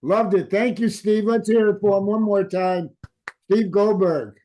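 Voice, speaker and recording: A man hosting a comedy show over a video call, giving slow, easygoing introductions to the comedians. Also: high-pitched, fairly even intonation, dark tone. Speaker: host.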